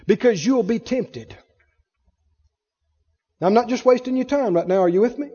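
A man's voice: very high voice, moderate pace, mellow, husky, long reverb tail, lo-fi sound. A male preacher delivering an emphatic sermon, calling out to the congregation for responses and acting out voices.

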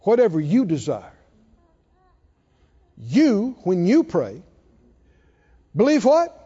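A man preaching with a high, very lively voice that leaps up and falls away as he stresses single words. His tone is mellow and dark, and he takes his time. The sound is dull and lo-fi, with a long hall reverb behind him. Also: takes it slowly, husky. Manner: emphatic, repeats and stresses words, rises and drops sharply. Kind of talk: sermon.

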